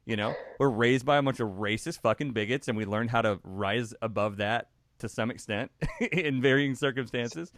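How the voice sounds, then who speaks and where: A man hosting a podcast, chatting casually and excitedly, swearing freely while telling stories. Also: medium pitch, normal speed, dry recording, studio quality. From Texas. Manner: excitable, profane, storytelling. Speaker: podcast host.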